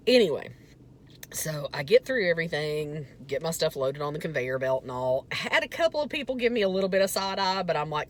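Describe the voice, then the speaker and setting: Low-voiced, lively woman vlogger. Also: moderate pace, a little hiss or hum. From Southern United States. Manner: animated, self-mocking and chatty, turning earnest at the end. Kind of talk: casual storytelling vlog.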